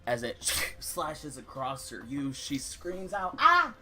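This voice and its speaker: A young man narrating as dungeon master, describing the fight in lively detail and calling for rolls. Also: medium pitch, takes it slowly. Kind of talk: narrating a tabletop game.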